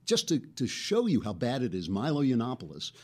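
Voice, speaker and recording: A man hosting a political talk show in a chatty, off-the-cuff way. His pitch swings up and down a lot as he goes. His middle-range voice keeps breaking into laughs between points. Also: huge pitch swings, brisk. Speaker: host. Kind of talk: casual political commentary.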